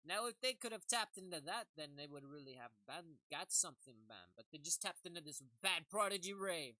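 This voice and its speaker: A woman's voice: on the low side, expressive, a little fast, sharp tone, no room sound, low-quality recording. A woman giving a rambling comedic monologue, jokey and laughing often. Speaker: comedic commentator.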